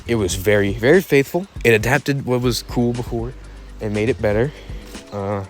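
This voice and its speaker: A man's voice: medium pitch, normal speed, faint music behind. A man hosting a casual opinion vlog, rambling and correcting himself as he talks in a laid-back way. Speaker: YouTube channel host.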